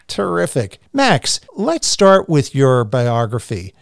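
A man's voice: mid-range voice, huge pitch swings, takes it slowly, vocal fry, no echo, studio quality. A man hosting an interview, introducing the guests and prompting them with questions. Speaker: podcast host, interviewer.

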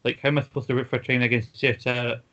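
A man co-hosting a casual podcast, ranting quickly with many fillers. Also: medium pitch, little pitch movement, a bit bright. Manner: fast, filler-heavy ranting. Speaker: podcast co-host. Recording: dull lo-fi podcast audio.

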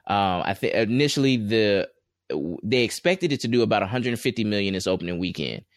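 A man's voice: fairly low pitch, a little fast, no echo, clean studio sound. A man co-hosting a casual chat show, talking in a loose, rambling way with many fillers and restarts. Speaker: podcast co-host.

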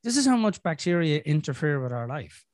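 A man's voice: on the high side, very animated, a little fast, no room sound. An Irish man hosts a casual podcast chat in a slightly raised voice. He talks frankly, swears freely and trips over restarts. A throaty cough lingers from a chest infection, and the sound is dry and close. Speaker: podcast host.

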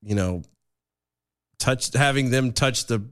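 A man in his thirties co-hosting a radio show, casual and joking, quick to laugh. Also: medium pitch, a bit bright.

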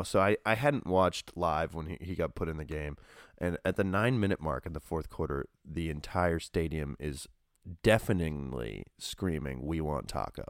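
A man co-hosting a podcast, chatting casually about basketball in a rambling, animated way, full of fillers and restarts. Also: rumbling low, no room sound, clean studio sound. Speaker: podcast co-host. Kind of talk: casual sports chat.

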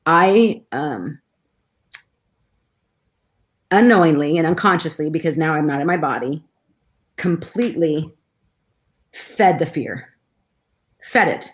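A woman's voice: low-pitched, animated, unhurried, pauses often. A middle-aged woman, a guest in a conversation, telling a personal story with emotion and many restarts.

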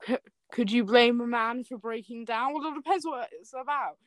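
A young woman with a fairly high voice hosts a casual chat, reading fan fiction aloud at normal speed with melodramatic flair. She keeps breaking into laughter and jokes between lines, and there's no echo.

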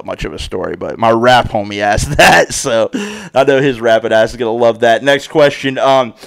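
A man's voice: mid-range voice, smooth. A man in his thirties hosting a podcast solo, rambling in casual chat with slang and constant swearing. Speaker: podcast host.

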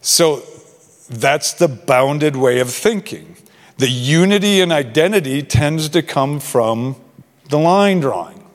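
A man's voice: fairly high pitch, animated, slow. Conversational male preacher in a reverberant hall. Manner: conversational, acts out quoted dialogue. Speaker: pastor. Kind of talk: sermon.

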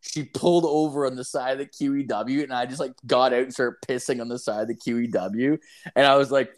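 Slightly fast and medium in pitch, this man rambles through a story in a casual conversation. He swears, leans on "like" and "dude," and animatedly performs the lines he's quoting.

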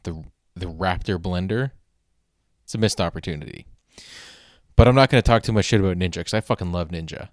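Fairly quick and very low-voiced, this male podcast host rambles through a solo episode, often restarting sentences. He's wry and self-deprecating and swears casually, and the close, dry recording has no room sound or echo.

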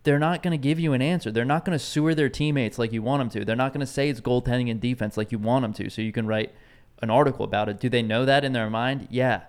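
A man co-hosting a casual sports chat, ranting bluntly with plenty of swearing, his voice getting a little hoarse. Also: mid-range voice, fast talker. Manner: blunt, profane, animated ranting. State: losing his voice. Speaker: podcast co-host.

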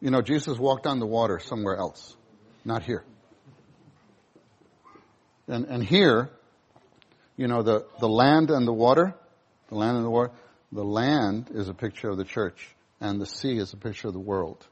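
A male preacher giving a sermon, animated, acting out scenes in voices. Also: mid-range voice, normal speed, pauses often, slightly rough.

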